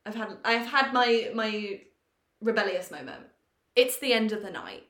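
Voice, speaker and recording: Woman, podcast co-host, animated sweary storyteller, mid pitch, roomy echo on the mic. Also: measured pace. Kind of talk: casual storytelling chat.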